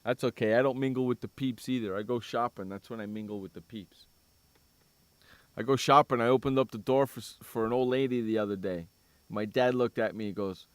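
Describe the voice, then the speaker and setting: A man's voice: mid-range voice, a little fast, clean tone, no room sound. A man hosting a sports radio show in casual chat, teasing his co-host, joking and repeating himself. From San Diego.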